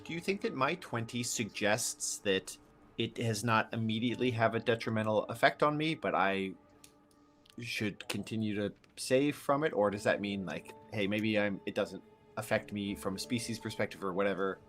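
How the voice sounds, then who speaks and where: Casting: lower-voiced man, tabletop player, careful and hesitant. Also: moderate pace, fairly bright tone, faint music behind. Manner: thoughtful, hesitant, many fillers. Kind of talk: tabletop game play.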